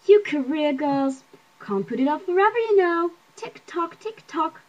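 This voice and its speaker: A woman reading the part of a chatty, pushy middle-aged neighbor who laughs at her own jokes, with a husky voice. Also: extremely high pitch, expressive, unhurried, a little mellow, lo-fi sound, pitched above the performer's own voice. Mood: teasing.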